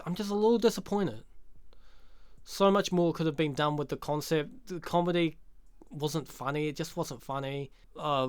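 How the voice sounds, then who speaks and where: Guy, sardonic profane reviewer, smooth voice, dry close sound. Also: fairly high pitch, fairly bright tone, no echo. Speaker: movie reviewer. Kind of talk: casual movie review rant.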